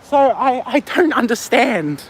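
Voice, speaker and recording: A man's voice: very high-pitched, very animated, unhurried. A man with an Australian accent livestreaming while walking a street at night, rambling and swearing as he answers chat. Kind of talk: casual live stream chat. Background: faint street and traffic ambience.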